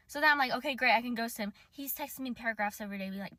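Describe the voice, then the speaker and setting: A woman's voice: fairly high pitch, very fast, bright, forceful tone, dry recording. A young woman telling a dating story casually, quoting herself and others in her own voice. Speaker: social media storyteller.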